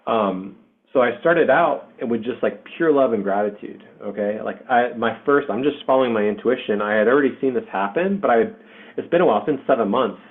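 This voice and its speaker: A man's voice: mid-range voice, fairly quick. A man in his forties hosting an online spiritual group, telling a personal story in a candid, emotional way with casual swearing and fillers. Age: 40s. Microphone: online video session. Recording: tinny phone-like call audio.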